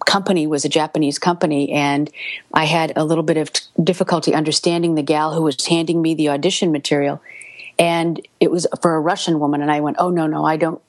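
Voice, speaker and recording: A middle-aged woman, a voice actor, telling stories in a casual interview, lively and laughing, repeating words when excited. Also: sits low, no room sound. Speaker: voice actor guest.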